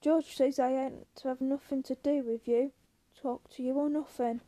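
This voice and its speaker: A woman voicing a big, simple-minded male farmhand who talks in a slow, pleading, fearful way. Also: sits high, fairly even intonation, mellow, no room sound, close to an everyday voice. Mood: wary.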